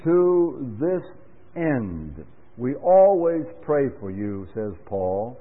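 Male Bible class speaker, sermon style, measured and emphatic, mid-pitched, tinny old recording with long hall reverb. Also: expressive. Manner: earnest, deliberate, with emphatic rises on key words.

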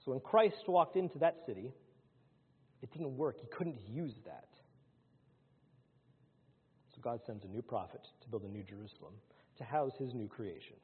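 A man preaching a sermon to his congregation, swinging between loud, rising lines and hushed ones. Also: medium pitch, lively intonation, normal speed, pauses often, husky. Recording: phone-like sound in a large hall.

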